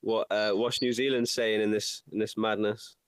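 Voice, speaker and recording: A man's voice: lowish voice, flat delivery, normal speed, smooth, dry recording. A man hosting a casual livestream chat, laid-back and swearing freely in banter. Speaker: host.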